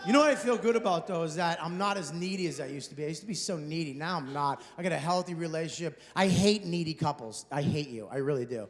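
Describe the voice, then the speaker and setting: A man in his thirties doing a stand-up set in a comedy club, ranting sarcastically and mocking people with quick impressions. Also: fairly high pitch. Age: 30s. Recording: live hall reverb, faint noise.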